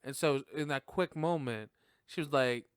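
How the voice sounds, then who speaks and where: A man's voice: mid-range voice, normal speed, smooth, dry recording, clean studio sound. A man hosting a podcast, recapping a film in a rambling, casual way, laughing often and swearing freely. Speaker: podcast host reviewing a film.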